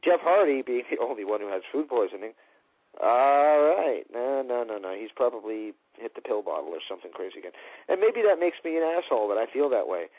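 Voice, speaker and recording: A man's voice: mid-range voice, sing-song, fast talker, husky, no room sound. A man co-hosting a casual wrestling talk show, speaking in an opinionated, sarcastic way. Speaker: podcast co-host. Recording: dull lo-fi dry recording.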